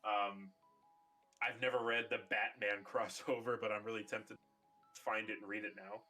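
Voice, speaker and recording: A man's voice: on the low side, level tone, normal speed, sharp tone, faint music behind. A young man hosting a podcast, chatting casually and rambling with lots of fillers. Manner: rambling, many fillers, acts out quotes. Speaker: podcast host. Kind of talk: casual chat.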